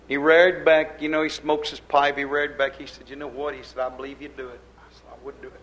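A man preaching a fervent sermon, swinging between loud, urgent lines and quiet, low asides. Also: little pitch movement, fairly quick, dull audio.

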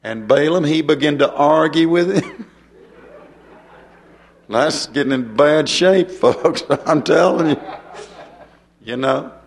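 A man's voice: on the high side, expressive, slow, vocal fry, pauses often. An older man preaching a folksy sermon, chuckling and turning to the congregation with asides.

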